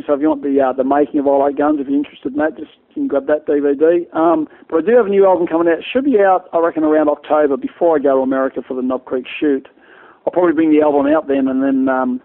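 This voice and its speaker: A middle-aged Australian man rambles through his stories as an interview guest and restarts his sentences often. His voice is gravelly and a bit high, and he talks fast. The sound is thin, like a phone line. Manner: rambling, storytelling, many restarts. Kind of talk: casual interview chat.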